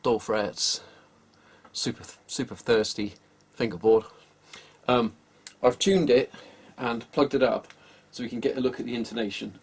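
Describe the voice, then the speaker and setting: A man's voice: mid-range voice, a little slow, breathy edge. A man giving casual, wry workshop commentary as he sets up a guitar, hesitating often and sounding exasperated, recorded on a camera microphone in an indoor workshop. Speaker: guitar repairer.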